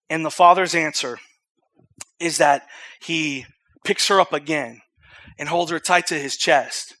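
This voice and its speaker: Bright-voiced man preaching a sermon. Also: a little high, a little slow. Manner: earnest, conversational storytelling with loud emphatic scripture reading.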